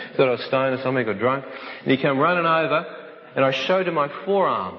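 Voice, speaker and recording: A man telling a dramatic personal testimony to an audience, vivid and animated, acting out the voices in his story. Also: mid-range voice, brisk. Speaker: speaker giving a testimony. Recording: echoey hall, dull sound.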